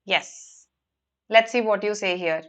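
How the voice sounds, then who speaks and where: Speaking slowly in a mid-range, slightly bright voice, a woman with an Indian English accent teaches a live online vocabulary class for exam prep. She's patient in her explanations and often checks on the students.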